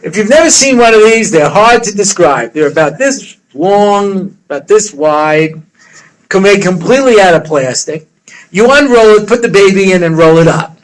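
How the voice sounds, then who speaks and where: A rabbi with a notably high voice tells funny stories to his listeners. He is a middle-aged man who talks in a loose, chatty way, full of quips and side remarks. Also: animated, moderate pace, low-quality recording. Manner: joking, conversational, full of asides and quips. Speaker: rabbi giving a lecture. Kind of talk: humorous storytelling lecture.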